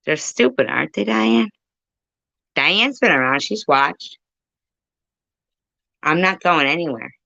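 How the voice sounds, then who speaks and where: A woman's voice: on the low side, expressive, takes it slowly, creaky, long pauses, pushed and bright, no room sound, muffled recording. A woman ranting profanely and confrontationally on a phone livestream, rambling and chatting with her viewers. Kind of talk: livestream rant.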